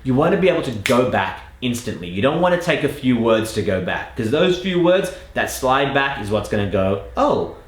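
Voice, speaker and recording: An Australian man teaches pronunciation drills in a patient, emphatic way, his pitch rising and falling freely. He slows down to stress key words. The sound carries a clear room echo. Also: big pitch swings, a little hiss or hum. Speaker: accent coach. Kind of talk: instructional lesson with spoken demonstrations.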